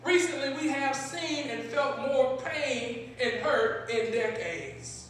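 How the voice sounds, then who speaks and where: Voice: sits high, slow, fairly bright tone, very echoey, slight background noise. A preacher delivering a sermon in a large synagogue sanctuary, asking rhetorical questions and repeating key phrases, recorded from a distance.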